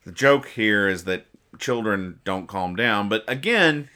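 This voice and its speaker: Bright-voiced man, dry mock-serious humor. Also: on the low side, expressive, unhurried. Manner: dry, mock-serious joking with frequent restarts. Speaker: podcast host reading comics aloud. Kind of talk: casual comedic chat.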